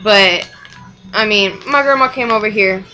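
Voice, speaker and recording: A woman's voice: mid-range voice, unhurried, bright, forceful tone, soft background music, rough recording. A young mother telling a personal story in casual chat, rambling and frank, with swearing and short laughs.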